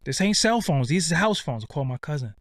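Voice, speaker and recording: A man telling a casual, profane anecdote in lively street slang. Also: a little high, brisk, no room sound, studio quality. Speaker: storyteller.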